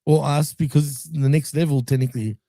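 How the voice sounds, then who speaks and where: Mellow Australian man, easygoing and chuckling. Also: a little high, steady tone, fairly quick, dry recording. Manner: easygoing, laughs often, casual swearing. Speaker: co-host. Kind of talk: casual wrestling review chat.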